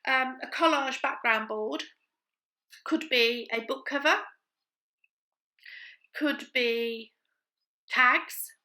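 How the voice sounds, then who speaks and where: Bright-voiced chatty woman crafting. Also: high-pitched, rough recording. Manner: chatty, thinks aloud as she works. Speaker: craft vlogger. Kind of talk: casual chat while crafting.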